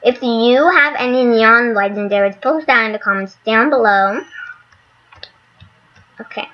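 A woman casually commenting on her gameplay, excitable and gushing. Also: a little high, measured pace, dull audio. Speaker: gaming channel host.

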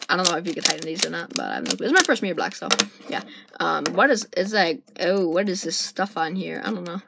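A woman casually chatting through an unboxing, excitable and rambling as she thinks aloud, recorded on a camera's built-in mic. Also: on the low side, fairly quick, creaky. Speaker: vlogger unboxing puzzle cubes. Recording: noisy amateur camera recording.

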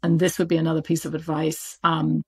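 A woman with a British accent speaks as a guest in an interview. She talks in a loose, chatty way, full of fillers and quick laughs, with a slightly low voice. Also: monotone, darkish tone, breathy edge. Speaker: audiobook publisher, interview guest. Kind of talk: casual interview talk.

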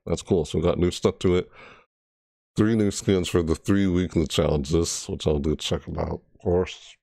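A man's voice: deep voice, steady tone, normal speed, creaky, mellow, no room sound, studio quality. A man casually reacting to a game trailer, rambling and correcting himself as he goes. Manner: rambling, self-correcting, breaks into shrieked character impressions. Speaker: gaming video creator.

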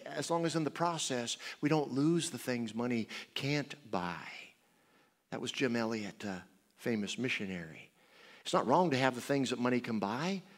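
A man preaching as a guest speaker in a church, a lively storyteller whose voice rises high and drops low. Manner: animated storytelling with big swings in pitch and volume. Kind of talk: sermon. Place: church sanctuary. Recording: long church reverb.

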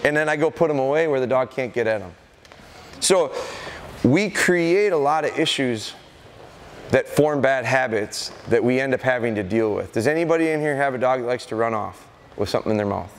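Animated man giving a dog-training seminar. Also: medium pitch, fairly quick, slight background noise. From Wisconsin. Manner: animated storytelling, acts out excited calls to dogs. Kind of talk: live seminar talk to an audience. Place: large indoor hall with a corridor.

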